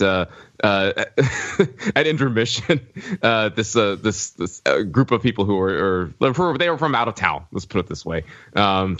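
A man on a podcast who gives his opinions in a halting way, often stammering as he starts a sentence. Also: lowish voice, a bit bright, dry recording. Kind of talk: casual podcast chat. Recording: dry, dull lo-fi audio.

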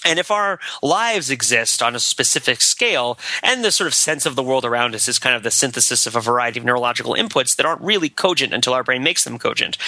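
A man co-hosting a podcast, musing at length in a rambling, animated way with frequent laughs. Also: medium pitch, no echo. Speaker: podcast co-host. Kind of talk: casual discursive chat.

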